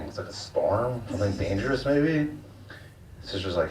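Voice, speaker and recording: A man's voice: sits low, lively intonation, fast, darkish tone, slight background noise. A young man doing a stand-up set, with a laid-back, crude, slangy delivery. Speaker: stand-up comedian. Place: comedy club stage. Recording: dull, distant, echoey club recording.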